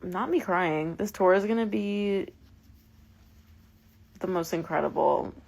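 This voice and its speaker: On a phone livestream, a twentysomething woman talks casually with her fans in a fairly low, creaky, slightly mellow voice, taking her time. Her speech is emotional and keeps restarting, padded with fillers.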